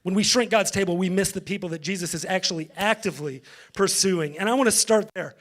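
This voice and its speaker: High-voiced male pastor preaching. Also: fast, a bit bright. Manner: conversational, engages the congregation. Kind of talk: sermon.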